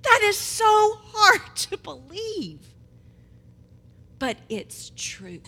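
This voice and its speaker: A woman preacher delivering a sermon, swinging between loud proclamation and quiet asides. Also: high-pitched. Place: church hall. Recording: long hall reverb.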